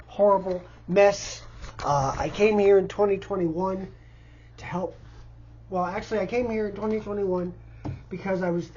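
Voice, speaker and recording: A man's voice: high-pitched, a little mellow, dull audio, slight background noise. Stammering, distressed man in his fifties. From Indiana, US. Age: 50s. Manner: halting, stammering, repeats words. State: distressed and overwhelmed. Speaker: vlogger asking for help. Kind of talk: unscripted personal appeal. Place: cluttered house, indoors.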